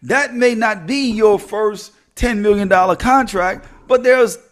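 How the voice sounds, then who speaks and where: A middle-aged man leads a motivational podcast in a high, lively voice. He preaches, then jokes and calls out straight to his listeners. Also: measured pace. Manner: animated, preachy, joking with listeners. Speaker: podcast host.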